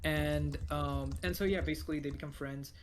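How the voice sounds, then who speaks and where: Male podcast co-host, a little higher-pitched, rambling casual recapper. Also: steady tone, moderate pace, slight background noise. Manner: rambling, many fillers and restarts.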